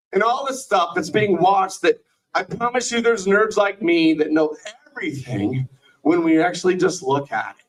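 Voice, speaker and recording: A man's voice: sits high, recorded from a distance, low-quality recording. A middle-aged man doing a rambling, profane stand-up set in a small bar, often stopping himself mid-thought. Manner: rambling, profane, self-interrupting. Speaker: stand-up comedian and show host.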